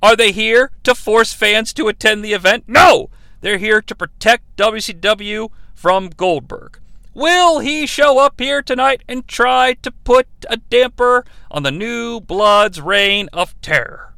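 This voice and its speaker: A man's voice: high-pitched, a little slow, gravelly, sharp tone, clear, resonant tone, no echo. A man hosting a podcast, giving a sarcastic, irreverent comedic recap with some swearing. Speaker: podcast host.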